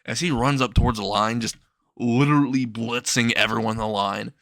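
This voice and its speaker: A man's voice: mid-range voice, steady tone, brisk, gravelly, a bit bright, no echo, clean studio sound. A man casually improvising a fan story, chuckling and rambling with frequent restarts.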